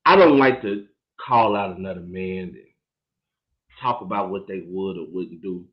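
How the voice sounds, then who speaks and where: A sports podcast co-host with a low-sitting voice and moderate pace talks emphatically in casual sports chat, laughing and trading playful trash talk. The recording has an echoey, dull lo-fi room sound.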